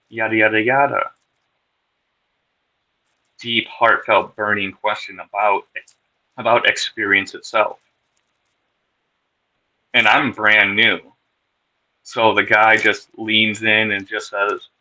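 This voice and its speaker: A man's voice: lowish voice, flat delivery, takes it slowly, pushed and bright, low-quality recording. A man telling his recovery story on a podcast in a candid, wry way, with plenty of swearing. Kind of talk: casual personal storytelling.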